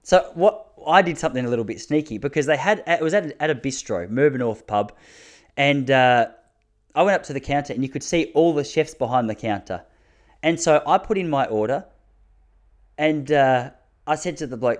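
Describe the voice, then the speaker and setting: A man's voice: medium pitch, expressive, brisk. A man in his thirties with an Australian accent, telling comic stories in a casual, crude, self-mocking way and laughing at his own jokes. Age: 30s. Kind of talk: casual comic storytelling monologue.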